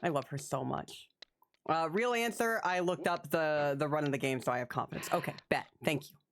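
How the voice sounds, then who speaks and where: A woman live-streaming gameplay, commenting as she plays, swearing and yelling at the game, then talking herself back to calm. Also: low-pitched, a little fast, a little hiss or hum. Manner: animated, swears, yells at the game.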